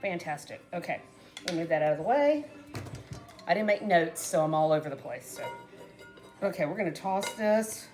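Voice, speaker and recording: A woman's voice: fairly low pitch, expressive, moderate pace, pauses often, a little mellow, soft background music. A middle-aged woman chatting casually to her viewers while making a salad, rambling and often trailing off mid-sentence. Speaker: cooking vlogger. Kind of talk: casual cooking chat to camera.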